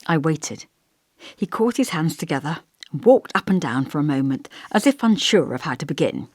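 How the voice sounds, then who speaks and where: Female audiobook narrator, low voice, measured and expressive, dry booth sound. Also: no echo.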